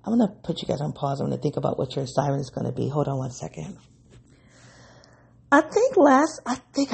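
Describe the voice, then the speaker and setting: A woman with a low, gravelly voice talks through an unscripted solo podcast episode. Her tone is dark and a little husky, and she rambles with excitement and laughs often. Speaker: podcast host.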